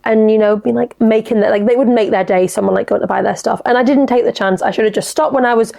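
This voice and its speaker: Young woman, casual podcast chat, frank, animated, gravelly fry. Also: a little high, fast. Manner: chatty, frank, sweary, animated. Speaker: podcast host. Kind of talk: casual solo podcast chat, reading listener dilemmas.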